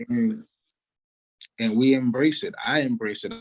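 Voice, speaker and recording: A man's voice: mid-range voice, measured pace, rough recording. Guy in an interview, chill and rambly, lots of "like" and "you know". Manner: relaxed, laid-back, full of fillers like "like" and "you know". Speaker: musician, interview guest. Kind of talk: casual interview talk.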